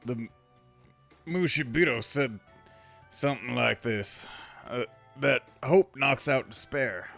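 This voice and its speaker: Guy doing a tough cocky young brawler from a game, gravelly and sharp, talks back hard. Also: mid-range voice, slow, long pauses, faint music behind. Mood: thoughtful. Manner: defiant, tough-talking. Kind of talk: reading game dialogue aloud.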